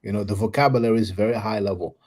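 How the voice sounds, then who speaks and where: A man chatting in a group discussion, halting and stumbling over repeated words. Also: fairly low pitch, fairly even intonation, a little mellow. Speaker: discussion participant. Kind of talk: casual group talk.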